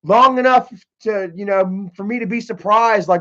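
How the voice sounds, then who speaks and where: A man's voice: sits high, normal speed, fairly bright tone. Man telling rambling stories. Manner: swearing, laid-back storytelling. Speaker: livestream host. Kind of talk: casual storytelling livestream. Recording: dull lo-fi stream audio.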